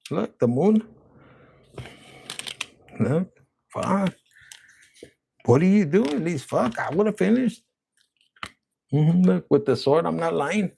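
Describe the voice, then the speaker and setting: Profane, excitable tarot-reading man. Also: a little high, slow pace, vocal fry, pauses often, slight background noise. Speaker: tarot reader.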